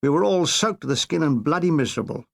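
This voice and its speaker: An older man reading his own comic memoir with wry, deadpan asides. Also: fairly high pitch, quick pace, vocal fry. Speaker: author narrating his memoir.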